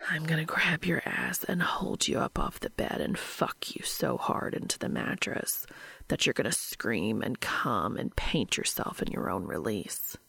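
A woman voicing a tender, commanding adult man who speaks in a low, hushed murmur. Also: normal speed, vocal fry, husky, in a whisper, exaggerated voice. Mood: hushed intimate.

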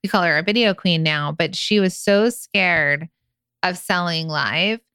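Animated lowish woman co-host. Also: a little slow, smooth, no room sound. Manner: animated, acts out example sales pitches. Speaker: podcast co-host. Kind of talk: casual business chat.

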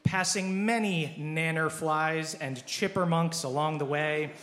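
A man's voice: a little high, a little slow, a bit bright, echoey room. A man narrating a live tabletop game as game master, playful and laughing.

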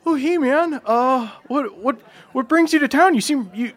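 A man's voice: very high voice, expressive, moderate pace, fairly bright tone, voice pushed up, full character voice. Man doing a jittery stammering young halfling. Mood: nervous. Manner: stammering, rambling, filler-heavy. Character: nervous young male halfling scoutmaster.

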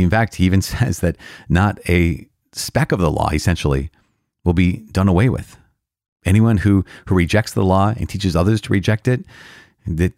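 Speaking in a deep, somewhat mellow voice, a priest teaches conversationally on a passage from the catechism. He is earnest and emphatic, hitting key words and repeating himself frequently, with the odd laugh. The sound is studio quality with no echo.

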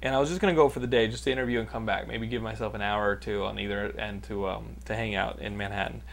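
A man in his thirties from Texas hosting a podcast, telling stories in a loose, animated way, swearing freely and laughing often. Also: on the low side, fast, vocal fry, slight background noise. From Austin, Texas. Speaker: podcast host. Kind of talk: casual profane storytelling chat.

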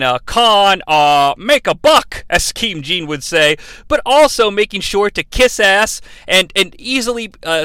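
Bright-voiced, rambling comedy podcast host. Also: male voice, high-pitched, no room sound. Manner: rambling, profane, self-interrupting, laughs often. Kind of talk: comedic solo podcast riff.

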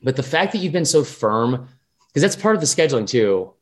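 Animated, swearing sports podcast man. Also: medium pitch, a little fast. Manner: animated, profane, rambling. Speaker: podcast co-host. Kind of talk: casual sports chat.

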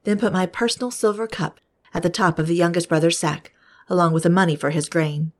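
Woman reads a stern male ruler giving orders, low voice, plain read-aloud. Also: fairly even intonation, fairly quick, natural voice. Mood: commanding. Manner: firm, commanding read-aloud delivery. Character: Joseph, powerful man, stern ruler.

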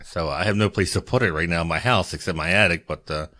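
Male co-host, low voice, wry conversational storyteller. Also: fast, bright, forceful tone. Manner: wry anecdotes, acts out both sides of a dialogue. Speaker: podcast co-host. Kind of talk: casual chat.

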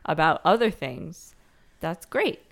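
A woman's voice: fairly low pitch, big pitch swings, takes it slowly, vocal fry. A woman co-hosting a casual chat podcast, wry and giggly, from Canada. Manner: wry, giggly, reads quotes aloud in put-on voices. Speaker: podcast co-host.

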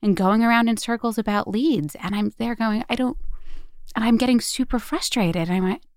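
Animated woman telling a work story. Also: fairly high pitch, moderate pace, no echo, studio quality. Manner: animated storyteller, acts out dialogue. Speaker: marketing executive guest. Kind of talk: conversational anecdote.

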